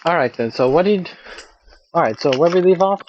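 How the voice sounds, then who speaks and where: A man running a tabletop game as game master, narrating in a relaxed, matter-of-fact way. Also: fairly high pitch, fairly quick, muffled recording, a little hiss or hum.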